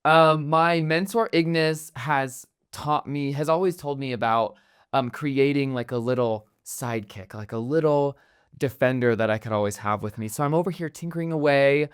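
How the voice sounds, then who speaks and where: A man's voice: medium pitch, moderate pace, clear, resonant tone. Rambling man playing a tabletop game. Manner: rambling, filler-heavy, giggly. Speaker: player. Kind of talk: casual tabletop play.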